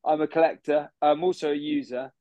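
A man doing a smug young bro, pompous and self-assured, rambling on about himself in a fairly high voice. The sound is close and dry, with no room around it. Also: level tone, brisk, warm tone, no echo, lo-fi sound, natural voice. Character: smug posh young City bro, boastful gym fanatic. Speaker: podcast guest. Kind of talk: improvised character comedy.

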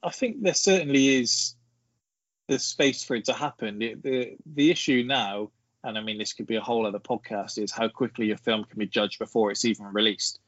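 A man co-hosting a casual film podcast, explaining his points in a measured way and leading with trivia. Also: medium pitch, fairly bright tone, dry recording, highs cut off. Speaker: podcast co-host.

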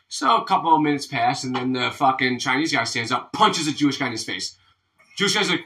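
A man hosting a casual podcast, loud and joking, laughing often as he tells crude jokes. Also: mid-range voice, a little fast, distant mic. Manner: loud, joke-telling, laughs a lot. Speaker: podcast host.

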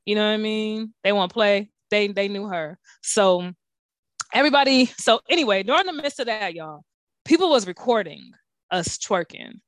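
A young woman co-hosting a casual chat, telling stories with lots of swearing and big swings in pitch. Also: normal speed, no echo, studio quality. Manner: profane, animated storytelling with big pitch swings. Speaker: podcast co-host.

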